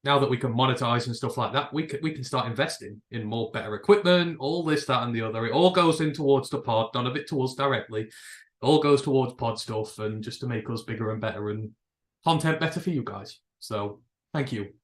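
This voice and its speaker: A man's voice: mid-range voice, a little fast, echoey room. An English man co-hosting a casual podcast, rambling and repeating words as he finds his point, joking along. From England. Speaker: podcast co-host.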